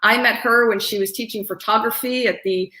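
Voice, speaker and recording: A woman's voice: fairly high pitch, steady tone, a little fast, bright, forceful tone, reverberant. Chatty woman hosting a storytelling stream. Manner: chatty, many fillers. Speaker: host. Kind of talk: casual hosting and introductions. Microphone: streamed from home.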